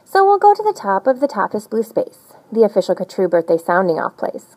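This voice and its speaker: A woman reading a rhyming picture book aloud in an animated, sing-song storytelling manner. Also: a little high, fairly quick, few pauses, highs cut off. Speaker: storybook reader.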